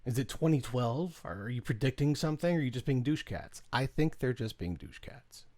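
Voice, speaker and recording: A man's voice: mid-range voice, expressive, moderate pace, darkish tone, no echo. A man co-hosting a podcast in casual chat, wry and teasing. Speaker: podcast co-host.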